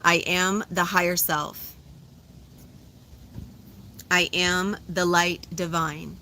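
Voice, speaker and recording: A woman leading a guided meditation, giving slow, soothing, repetitive instructions and affirmations. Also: on the low side, level tone, bright, forceful tone, slight background noise. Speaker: spiritual guide.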